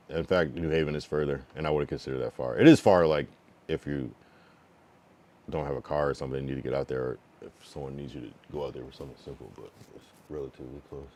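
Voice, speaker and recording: Streamer man from New England, low voice, casual and blunt, chats with viewers and reads their messages out. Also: warm tone. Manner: frank, loose, reads chat messages aloud and answers them; drawn-out slang-filled musing with many fillers. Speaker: livestreamer giving feedback to chat. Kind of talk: casual livestream chat.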